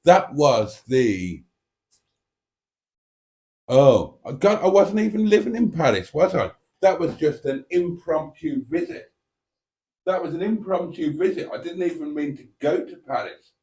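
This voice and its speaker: A man's voice: fairly high pitch, animated, unhurried, darkish tone. A British man hosting a live stream, chatting in a casual, reflective and self-mocking way. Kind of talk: casual rambling live chat.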